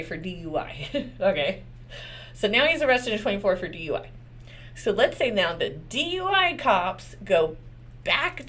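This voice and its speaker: Speaking at a medium pitch with a Texas accent, a woman lawyer offers candid, casual legal commentary, swearing often and posing rhetorical questions.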